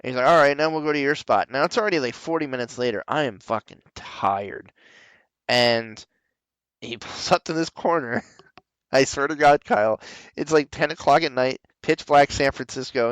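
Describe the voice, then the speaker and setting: A man's voice: medium pitch, normal speed, clean tone, dry recording, low-quality recording. A man hosting a casual podcast chat, swearing freely and acting out the people in his stories. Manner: profane, animated storyteller who acts out quoted people. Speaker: podcast host.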